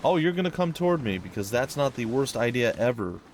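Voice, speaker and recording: A man's voice: medium pitch, very animated, fairly quick, slight background noise. A young man giving casual, wry commentary over a strategy game as he plays. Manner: wry, sarcastic, puts on silly voices for enemies. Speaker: let's play host.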